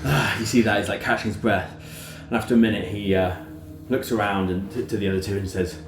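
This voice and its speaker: A man's voice: on the low side, steady tone, fast, reverberant, over music. A man narrating a tabletop role-playing game as game master, rambling with many fillers.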